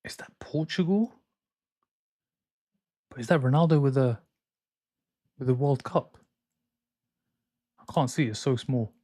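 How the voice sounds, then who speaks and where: In a home streaming room in France, a young male football watchalong streamer reads viewer chat aloud and answers it with opinionated banter. His medium-pitched voice is warm, his pace measured with frequent pauses, and the close mic gives a dry sound with no echo.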